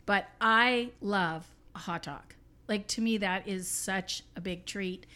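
A woman's voice: medium pitch, slow pace, bright, forceful tone. A woman co-hosting a podcast, telling playful stories with enthusiasm in casual chat. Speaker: podcast co-host.

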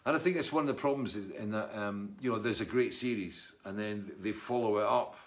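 A man's voice: lowish voice, brisk. A middle-aged Scottish man and musician, chatting casually and wryly as he reads out and answers viewer comments. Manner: rambling, chatty, wry. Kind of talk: casual live chat reading comments.

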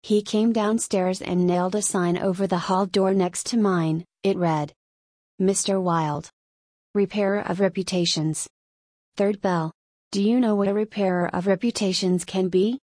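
A gentle, probing man who talks in a soft, coaxing way, as a woman audiobook reader puts him on. The recording is dry and close. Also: mid-range voice, steady tone, unhurried, dry recording, natural voice. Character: gentle, probing male friend. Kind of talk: audiobook reading.

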